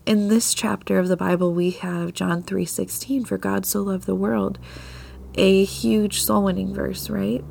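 A woman's voice: medium pitch, flat delivery, measured pace, gravelly. A woman hosting a devotional podcast, speaking earnestly with a slightly scratchy voice as she gets over a mild illness. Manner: earnest, confessional, soft laughs. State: scratchy voice from tail end of an illness. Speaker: podcast host. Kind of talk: devotional Bible talk.

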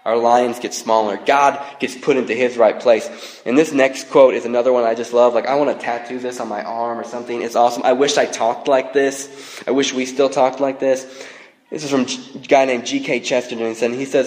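A man in his thirties preaching a sermon in a relaxed, conversational way, joking and using frequent fillers. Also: medium pitch, a little fast. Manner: conversational, self-deprecating humor, frequent fillers. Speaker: pastor. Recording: long reverb of a large hall.

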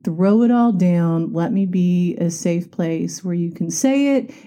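A woman's voice: on the low side, measured pace, warm tone. A middle-aged woman, a coach talking candidly and reflectively in a podcast monologue. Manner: reflective and openly confiding. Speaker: life coach and podcast host.

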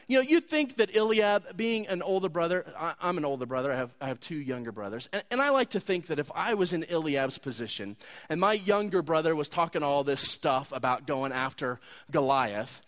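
A man preaching a sermon, retelling a story in a conversational, animated way. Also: on the high side. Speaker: pastor.

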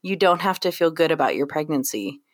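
A woman from New York, a midwife co-hosting a podcast, talking in a reassuring, animated way in casual chat and laughing often. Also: low-pitched, a little fast. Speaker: co-host, midwife.

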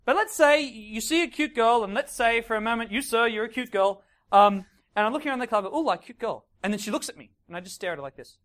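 In a very high-pitched voice and talking fast, a dating coach energetically addresses a live seminar audience. He dramatizes scenes and frequently tosses in "right?" and "okay?" to keep the room with him.

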